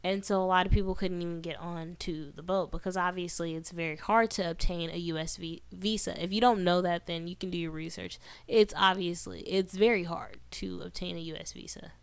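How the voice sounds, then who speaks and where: Gravelly-voiced woman podcast co-host. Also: on the low side, steady tone, a little fast, hardly any pauses, no room sound. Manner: candid, laughs often, swears casually. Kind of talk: casual chat.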